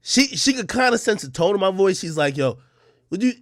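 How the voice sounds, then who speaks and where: A man's voice: high-pitched, a bit bright, no room sound, studio quality. A man streaming live, telling a story to his chat in casual, profane slang and acting out the dialogue.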